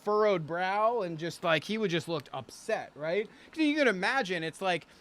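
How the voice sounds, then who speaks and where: Young male storyteller, high and bright, profane, laughs through his anecdote. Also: expressive, moderate pace. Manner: swears freely, acts out quotes, laughs while telling. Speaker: guest storyteller, singer and producer. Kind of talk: animated anecdote telling.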